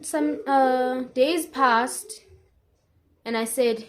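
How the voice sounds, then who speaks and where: A young woman with a South African accent talks into her camera in a personal life-update vlog. She speaks slowly in a somewhat high voice. She tells her story emotionally, circles back on the same phrases, and drops isiZulu words into her English. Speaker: vlogger.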